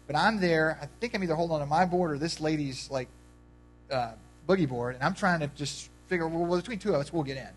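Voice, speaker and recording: A man's voice: fairly high pitch, fast, soft background music, poor audio. A man pastor giving a conversational sermon, telling a story and speaking directly to the congregation.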